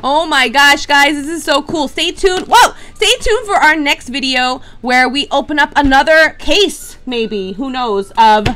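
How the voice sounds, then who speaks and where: Bright, high-voiced chatty woman host. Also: measured pace, hardly any pauses. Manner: chatty and excitable, talks to viewers. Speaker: toy unboxing channel host. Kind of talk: casual unboxing chat.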